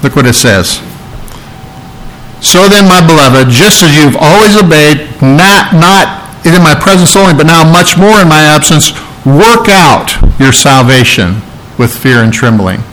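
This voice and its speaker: A man delivers a sermon in an earnest teaching tone, working through a scripture passage line by line. His voice sits a little higher than most men's. He often circles back to repeat key phrases for emphasis. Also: lively intonation, measured pace, a bit bright, a little hiss or hum, rough recording. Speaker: preacher.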